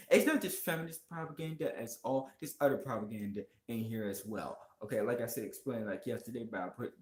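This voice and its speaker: A vlogger giving a heated, profane movie rant and talking straight to viewers, voice jumping higher when worked up. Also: a little mellow, reverberant. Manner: heated, swearing, pitch jumps up when worked up; talks to viewers and chat directly. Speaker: video blogger.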